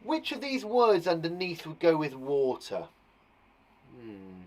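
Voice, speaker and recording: British man, young teacher, slow unhurried delivery, very lively pitch, playful, sound words for kids. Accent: British English. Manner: playful and encouraging, acts out sound words with gasps and laughs. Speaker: primary school teacher. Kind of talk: live online lesson for young children. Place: garden shed classroom.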